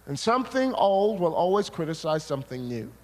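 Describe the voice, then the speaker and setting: A man from Scotland preaching a sermon, an animated storyteller who hammers points through repetition and tosses jokey asides to the crowd. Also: on the high side, brisk. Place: large hall at a church seminar. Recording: echoey hall, faint noise.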